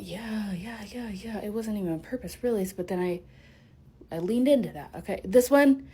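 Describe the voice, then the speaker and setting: A woman's voice: medium pitch, a little mellow. A young woman chatting casually through a year of her art as a vlogger, bubbly and prone to interrupting herself. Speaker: artist vlogger. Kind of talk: casual vlog narration.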